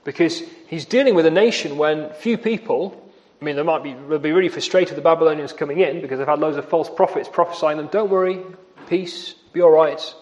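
High-voiced preacher in a reverberant hall. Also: male voice, fast talker, highs cut off. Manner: earnest, emphatic, repeats key phrases. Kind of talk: sermon. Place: church. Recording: long reverb of a church hall.

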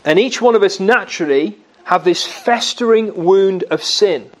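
A man preaching a sermon in an earnest way, with dramatic rises and drops in his voice. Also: unhurried. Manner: earnest, with dramatic swings in pitch and volume.

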